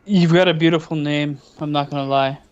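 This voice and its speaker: A man's voice: a little high, steady tone, a little fast, smooth, dull audio. A man chiming in on a sports livestream with teasing jokes and wordplay.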